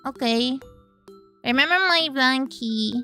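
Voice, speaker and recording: Chatty streamer woman with a smooth voice. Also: high-pitched, lively intonation, slow pace, bright, forceful tone, soft background music. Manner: playful, chatty, swears freely. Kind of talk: casual live-stream chat.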